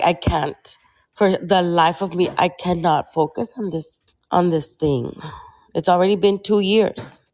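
A woman talking in a casual discussion, halting often and restarting her words as she searches for them. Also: fairly low pitch, darkish tone. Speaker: panel guest.

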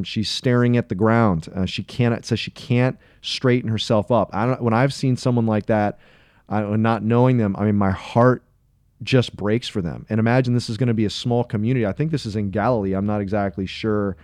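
Casual faith-podcast co-host, man, mellow and dry-sounding, earnest and rambling, corrects himself often. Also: on the low side, dry recording. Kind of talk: casual Bible discussion.

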